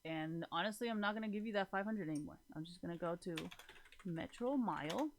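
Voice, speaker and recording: Over very loud background noise, a twentysomething vlogger rants briskly in a lowish voice. She talks candidly to viewers, swearing in exasperation, wandering off track and correcting herself.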